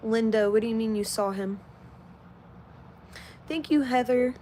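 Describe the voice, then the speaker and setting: Woman in her twenties, casual live-stream host, cursing freely and straight-talking, voice a touch high. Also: a little slow, warm tone, slight background noise. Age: 20s. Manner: blunt and heavily profane. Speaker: livestreamer. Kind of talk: casual livestream chat reading comments.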